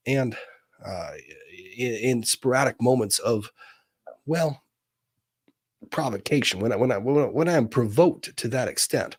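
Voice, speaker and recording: A man's voice: mid-range voice, a little slow, breathy edge, no echo. A man hosting a legal livestream, speaking in a put-on Southern Virginian drawl with a theatrical, pompous manner. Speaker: lawyer and livestream host.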